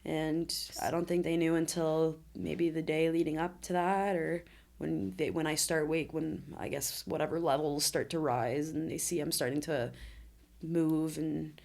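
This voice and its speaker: Earnest young woman, low voice. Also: steady tone, measured pace, creaky, a little mellow. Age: 20s. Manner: candid, earnest, often emotional storytelling. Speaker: podcast guest. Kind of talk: conversational interview.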